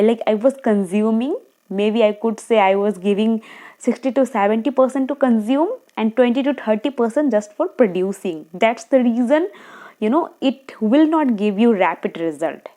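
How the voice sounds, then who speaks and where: A woman's voice: medium pitch, mellow. Earnest woman coaching spoken English. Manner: earnest and encouraging, checks in with "okay?"; talks fast, sometimes slows down deliberately. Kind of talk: tutorial monologue to camera.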